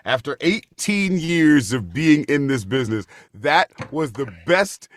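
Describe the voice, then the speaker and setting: A man guesting on a podcast as an actor, animated and effusive, repeating phrases for emphasis. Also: a little high, unhurried, dry recording, studio quality. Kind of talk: casual interview chat.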